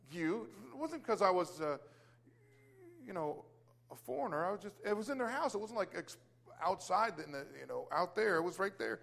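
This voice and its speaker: A male preacher telling a testimony as a sermon, animated, with repeated starts and exclamations of praise. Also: high-pitched, normal speed, creaky.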